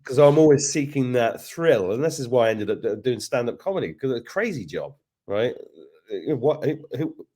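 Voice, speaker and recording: A man's voice: mid-range voice, very animated, moderate pace, mellow. A middle-aged man from England hosting a casual interview, rambling and often restarting his sentences. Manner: rambling, self-interrupting storyteller. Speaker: podcast host.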